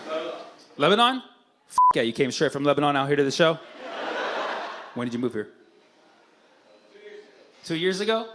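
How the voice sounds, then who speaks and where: A man's voice: fairly high pitch, big pitch swings, moderate pace, pauses often, background noise. A man doing stand-up crowd work at a live comedy show, bantering brashly and profanely with the audience.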